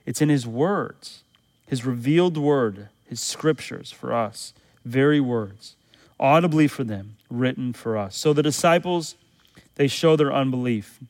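A man preaching a sermon as a pastor, in an earnest manner that climbs higher and louder when he quotes scripture. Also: unhurried, in a large hall.

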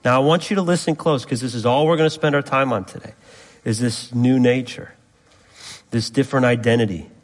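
A man's voice: mid-range voice, a little fast. A man preaching an expository sermon, building to emphatic rising repetitions and asking the congregation to fill in words. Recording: long reverb of a hall.

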